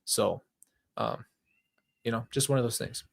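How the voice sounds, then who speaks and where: A man's voice: medium pitch, a little slow, vocal fry, slightly rough. A young adult man hosting his own show, talking candidly and emphatically through a personal story, with plenty of "like" and restarts, into a handheld mic. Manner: emphatic, conversational, with filler "like" and restarts. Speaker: host.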